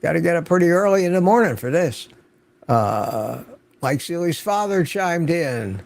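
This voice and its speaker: A man's voice: on the high side, big pitch swings, moderate pace, gravelly, a little mellow. An older man hosting an unscripted livestream, chatting casually and greeting viewers by name from the chat. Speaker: livestream host.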